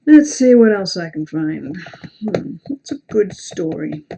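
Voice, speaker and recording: On a livestream, a young Englishwoman with a British accent talks casually in between reading horror stories, meandering, cursing and putting herself down. Her fairly low voice is very animated but measured in pace, mellow, slightly rough and marked by vocal fry.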